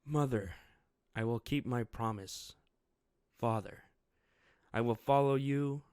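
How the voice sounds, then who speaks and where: A man's voice: mid-range voice, slow pace, darkish tone, clean tone, dry recording, close to an everyday voice. A man voicing a proud young male shogun who declaims formally and solemnly, in a dry, close recording. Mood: rousing.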